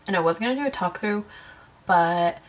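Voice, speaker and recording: A woman's voice: fairly low pitch, normal speed. A woman talking to camera in her bedroom, giggly, rambling and self-conscious. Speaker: beauty vlogger. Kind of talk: casual talk to camera.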